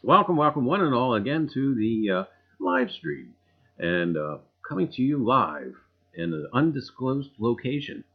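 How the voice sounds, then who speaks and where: A man's voice: medium pitch, very animated, unhurried. A man with a New Jersey accent hosting a casual livestream, folksy and full of catchphrases, greeting viewers by name. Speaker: livestream host. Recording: dull lo-fi sound.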